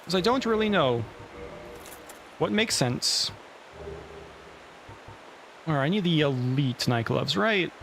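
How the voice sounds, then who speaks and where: A man's voice: on the high side, lively intonation, slow, gravelly, pauses often, fairly bright tone, a little hiss or hum. A man giving casual let's play commentary, thinking aloud and cursing when the game goes badly.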